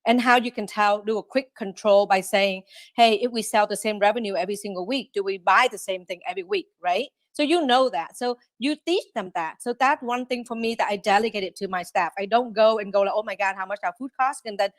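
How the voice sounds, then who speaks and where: A woman running a restaurant, a guest on a podcast interview, talking in an animated way and often acting out quick quotes. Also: medium pitch, dry recording. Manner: animated, quotes herself and staff in lively asides.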